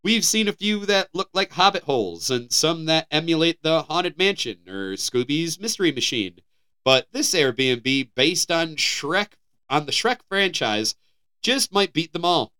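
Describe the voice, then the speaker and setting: A man's voice: a little high, big pitch swings, measured pace, sharp tone, clear, resonant tone. An American man co-hosting a podcast, reading out headlines in a casual, joking way and sometimes stumbling over words. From United States. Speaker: podcast co-host.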